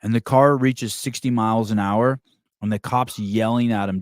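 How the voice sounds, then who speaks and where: A man's voice: fairly low pitch, steady tone, normal speed, dry recording, studio quality. A man hosting a podcast, chatting casually and telling a long story with lots of restarts and fillers. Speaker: podcast host. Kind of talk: casual chat.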